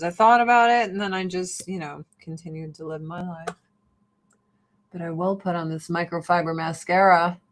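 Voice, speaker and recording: A woman's voice: on the low side, a little hiss or hum. A middle-aged woman chatting bluntly and profanely while doing her makeup on a livestream. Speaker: vlogger. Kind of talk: casual get-ready-with-me livestream chat.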